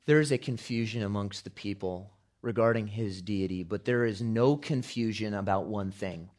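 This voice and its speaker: A man preaching a sermon, building from calm storytelling to loud, shouted climaxes. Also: on the low side, normal speed. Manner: preaching with big swells, shouting quotes at climaxes. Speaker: pastor.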